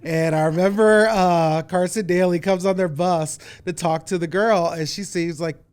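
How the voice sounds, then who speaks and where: A man in casual podcast conversation, an animated storyteller who acts out the voices of people he quotes. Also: high-pitched, normal speed, clear, resonant tone. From Cincinnati area. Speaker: guest, former concert booker.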